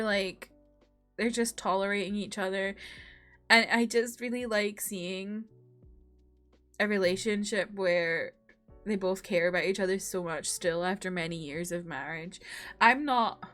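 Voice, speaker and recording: A young woman hosting a reaction video, chatting casually and from the heart with lots of "like" fillers. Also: mid-range voice.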